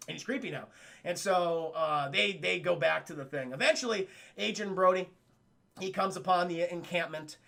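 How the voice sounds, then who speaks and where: A man's voice: high voice, normal speed, vocal fry, pushed and bright. A man streaming live, recapping a movie in a casual, profane, rambling way while talking to his chat. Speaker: streamer reviewing a film.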